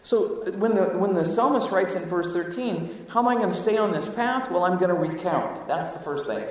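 A man preaches with a high, lively voice that rises and falls all over the place. He is heard from some way off in a big room, with long reverb hanging after his words. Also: normal speed. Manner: animated, swings from hushed asides to loud exclamations. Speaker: pastor. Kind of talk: sermon. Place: church sanctuary. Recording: echoey hall, mic at a distance.

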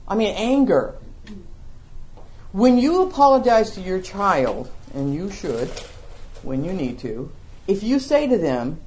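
A middle-aged woman teaching a Bible study to a small group, animated and acting out the voices of the scripture. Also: medium pitch, measured pace. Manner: animated, acts out the scripture voices, laughs along.

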